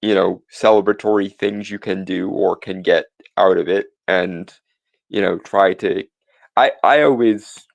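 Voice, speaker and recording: A man with a low voice and a gravelly edge talks through his views in casual podcast chat. He meanders, restarts his sentences and leans on fillers. The sound is close and dry. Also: dry recording, highs cut off. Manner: musing, halting, many restarts and fillers. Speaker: podcast co-host.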